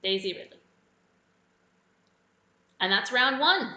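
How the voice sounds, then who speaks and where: A woman's voice: medium pitch, unhurried, pauses often, pushed and bright. A woman hosting a live quiz, casually going through the answers and adding chatty personal asides. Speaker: quiz host. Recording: echoey room.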